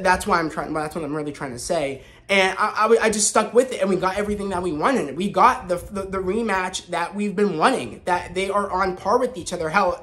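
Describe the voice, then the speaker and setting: A man hosting a casual spoken review vlog, talking in an excited, rambling way with frequent restarts. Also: high-pitched. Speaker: host.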